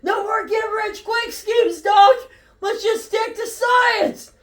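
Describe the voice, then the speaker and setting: A woman voicing a nervous, exasperated young man who whines and yells in alarm, recorded in a roomy space from a distance. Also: very high-pitched, a little slow, voice pushed up. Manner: whiny, yelling in alarm. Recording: roomy echo, distant from mic.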